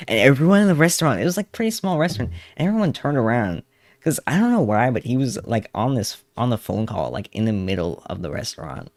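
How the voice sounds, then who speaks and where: A young man rambles and laughs through a casual livestream while he draws, humming along to songs. His voice is fairly low and sing-song, a little fast, with no echo.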